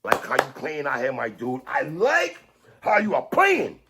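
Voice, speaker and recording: A man doing an over-the-top impression of a gruff male wrestler, with a loud, hammy, growling drawl. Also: a little high, wildly swooping pitch, unhurried, full character voice. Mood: hyped. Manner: loud, hammy, bellowing praise. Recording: noisy replayed stream clip.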